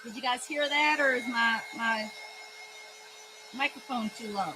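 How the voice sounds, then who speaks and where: A woman's voice: a little high, measured pace, noisy background. A woman chatting playfully with her viewers during a casual live stream as she works on an art journal page. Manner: chatty, talks to viewers in chat while working; playful, exclaims and jokes. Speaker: livestreaming art journal creator. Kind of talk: casual live-stream chat while crafting.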